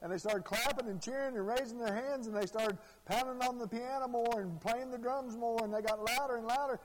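High-voiced preacher in a hall. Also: male voice, a little fast, slight background noise. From Arkansas. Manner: folksy storytelling, repeats phrases. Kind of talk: sermon. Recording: long hall reverb.

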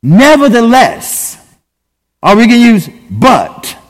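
A man's voice: very high-pitched, huge pitch swings. A man preaching a sermon emphatically, repeatedly addressing his listeners as brethren. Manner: emphatic, repeatedly saying "brethren", drawn-out pauses. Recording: long hall reverb.

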